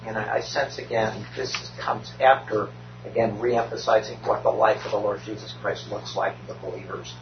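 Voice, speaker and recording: A man's voice: fairly low pitch, flat delivery, normal speed, roomy sound, highs cut off, noisy background. A man in a Bible study group, thoughtfully building on what others have said. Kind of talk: group discussion.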